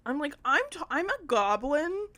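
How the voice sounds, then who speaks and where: A young woman with a fairly high voice chats casually as a podcast co-host. She rambles through her story with constant fillers and the odd swear word, often breaking into laughter. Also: big pitch swings, moderate pace, bright, forceful tone. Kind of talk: casual chat.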